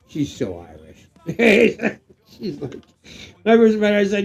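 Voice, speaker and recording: A middle-aged man who is getting drunk, chatting loosely on a livestream, rambling, swearing and breaking into excited shouts. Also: fairly high pitch, normal speed, vocal fry, faint music behind. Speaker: live stream co-host. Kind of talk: casual livestream chat.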